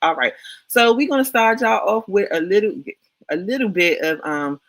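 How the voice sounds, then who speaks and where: A man's voice: sits high, animated, normal speed, a bit bright, no echo, poor audio. A man from Washington, D.C., with a local accent, co-hosting a casual livestream talk show and greeting viewers in the chat with slang.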